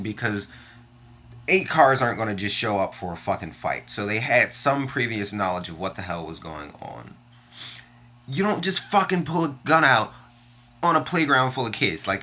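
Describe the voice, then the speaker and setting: A young vlogger from Washington, D.C. rants angrily and bluntly in a personal video, swearing often as he vents his frustration. His voice is medium-pitched with a sharp edge.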